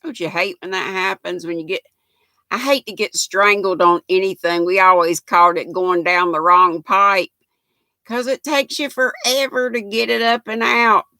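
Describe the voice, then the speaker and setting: A woman's voice: medium pitch, fairly even intonation, moderate pace, sharp tone, no room sound. An older woman, chatting folksily with viewers and reading their comments on a knitting livestream, laughing often. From United States.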